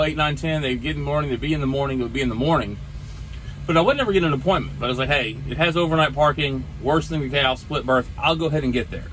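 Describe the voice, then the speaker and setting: A man's voice: on the high side, slight background noise, low-quality recording. A man in his forties telling a casual vlog story from his truck, acting out the people he talked to. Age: 40s. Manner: animated storyteller acting out dialogue. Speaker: trucker vlogger.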